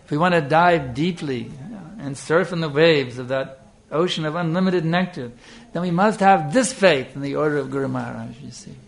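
Gravelly older man giving a sermon. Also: on the high side, normal speed. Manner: earnest, animated storytelling with fillers. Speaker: spiritual teacher. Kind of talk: sermon storytelling.

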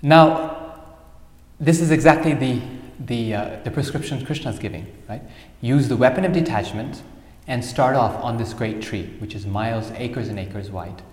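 A man's voice: mid-range voice, normal speed. A man giving a spiritual talk, animatedly telling a fable and sprinkling in Sanskrit terms. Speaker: spiritual speaker. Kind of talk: sermon with storytelling. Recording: echoey hall with long reverb.

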